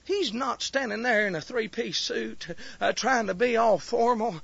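A man preaching a revival sermon. He moves from low, earnest talk full of filler words to crying, shouted pleas. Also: a little slow, gravelly, breathy edge, no echo, lo-fi sound.

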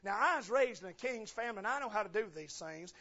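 A male preacher voicing a proud, scornful queen who mocks her husband in a low, hushed tone, in a dull lo-fi recording. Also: lively intonation, quick pace. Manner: sneering, mocking, hushed.

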